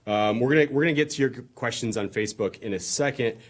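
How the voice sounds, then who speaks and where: A man's voice: medium pitch, quick pace. A man interviewing a guest in casual chat, his phrasing loose and full of fillers and repeats.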